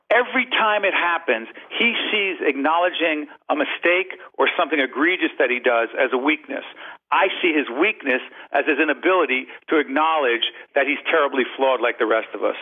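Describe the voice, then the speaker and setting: A man speaks as a guest on a radio interview, his fairly high voice squeezed through a narrow, tinny phone line. He talks emphatically and stacks up repeated phrases to drive each point home. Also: expressive, fairly quick. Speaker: guest, leadership and communication author. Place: call-in to satellite radio show.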